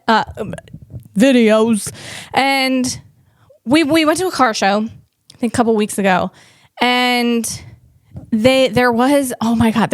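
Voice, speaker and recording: A woman's voice: fairly high pitch, no room sound, studio quality. A woman comedian hosting a tech show, riffing in a loose, rambling monologue full of playful asides. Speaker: comedian host.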